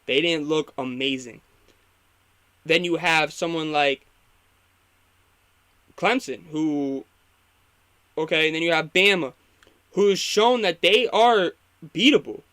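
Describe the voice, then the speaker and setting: A man's voice: on the high side, takes it slowly, pauses often, fairly bright tone, smooth. A young man hosting a casual live football reaction, opinionated and rambling, getting fired up when he critiques the coaching. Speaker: sports talk host.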